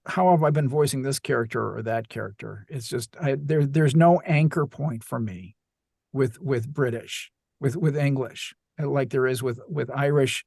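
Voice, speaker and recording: A man's voice: medium pitch, a little mellow, no room sound, studio quality. A male audiobook narrator in casual podcast chat, thoughtful and searching for words, often restarting his sentences.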